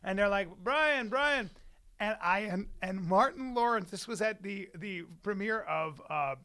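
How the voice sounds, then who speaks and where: A man in his forties, co-hosting a podcast in casual chat, animated and shouting out quoted lines. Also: sits high, normal speed, clean tone. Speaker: podcast co-host.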